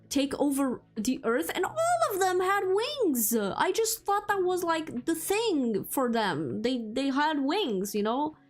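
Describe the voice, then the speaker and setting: A woman with a fairly high voice hosting a relaxed chat stream, talking at an unhurried, drawn-out pace. She giggles between thoughts and peppers her sentences with "like". Faint music plays softly behind her. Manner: giggly, chatty, heavy use of "like". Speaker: VTuber streamer.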